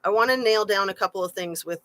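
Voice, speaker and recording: Talking fast in a slightly bright, medium-pitched voice, a woman runs a casual true-crime livestream and reads viewer comments aloud. Her chatty, rambling musings are full of "um" and "like." The recording is low quality.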